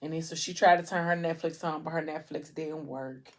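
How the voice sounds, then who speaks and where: A woman's voice: low voice, steady tone, fairly quick, a little hiss or hum. A woman vlogger casually retelling a long story between bites, chatty and slangy, with lots of "like" and "um". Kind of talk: casual storytelling during a mukbang.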